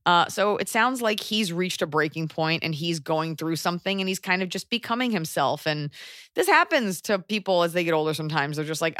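A woman co-hosting a podcast, giving casual advice in a rambling, animated way and swearing freely. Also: deep voice, brisk, no echo, clean studio sound. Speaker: podcast co-host. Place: Los Angeles area.

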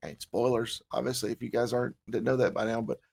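A man with a Southern US accent from south Alabama, co-hosting a casual podcast chat, animated, laughing often and restarting his sentences. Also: mid-range voice, quick pace, vocal fry, slightly rough. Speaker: podcast co-host.

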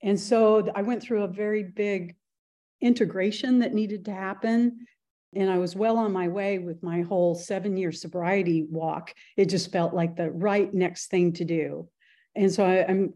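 A woman's voice: mid-range voice, warm tone, lo-fi sound. A woman guest on a podcast, telling her personal story in a reflective way. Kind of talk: casual interview chat.

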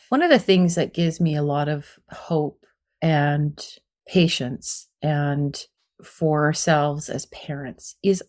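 Middle-aged female expert guest, low-pitched, earnest, explanatory, casual fillers. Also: a little mellow. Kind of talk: conversational interview.

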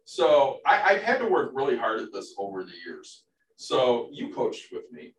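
A man who coaches baseball shares stories casually on a podcast, swearing now and then. His voice is lively and jumps up and down in pitch. He sounds distant in an echoing room. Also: moderate pace, slight background noise. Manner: animated, storytelling, casual swearing. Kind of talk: casual chat. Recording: roomy, distant from the mic.

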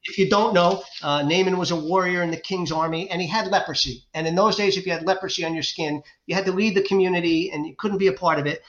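High-voiced man preaching fervently. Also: fast, hardly any pauses. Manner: fervent, preaching, retells stories with excited raised voice. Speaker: guest author. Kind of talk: faith-based podcast interview. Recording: roomy, dull lo-fi sound.

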